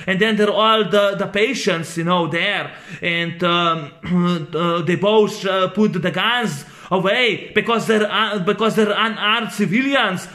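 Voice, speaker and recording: Rambling man with a bright voice. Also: sits high. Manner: rambling, halting, many fillers and restarts. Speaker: movie reviewer. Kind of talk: casual spoken film review.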